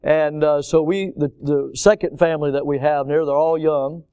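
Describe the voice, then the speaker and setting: A male preacher delivering a sermon in a smooth, resonant voice pitched a bit above most men's. He is emphatic and keeps repeating words to press his points home. The recording is dry and somewhat dull and lo-fi. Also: steady tone, normal speed, mellow.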